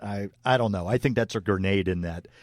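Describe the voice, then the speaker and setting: A man's voice: lowish voice, fairly quick, darkish tone, no echo, clean studio sound. Easygoing male hockey podcast co-host. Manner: easygoing, laughs often, many fillers. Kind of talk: casual sports chat.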